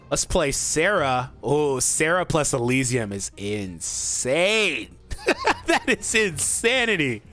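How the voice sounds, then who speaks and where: A young man hosting a gaming channel, commenting on a card game as he plays, excitable, talking to himself and laughing often. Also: medium pitch, slow pace, soft background music.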